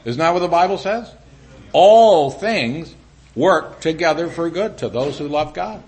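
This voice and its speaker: A middle-aged man preaching a sermon in an animated way, dropping to a hushed voice when he speaks as God. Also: a little high, a little slow. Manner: animated preaching, drops to a quiet voice for God's lines. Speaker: pastor.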